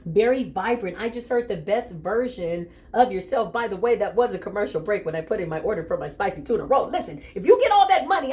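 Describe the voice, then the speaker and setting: A woman giving a casual tarot reading straight to her listener, animated and joking, often calling out "listen" and "okay". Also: mid-range voice, fast talker, hardly any pauses. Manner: animated and joking, with bursts of laughter. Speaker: tarot reader.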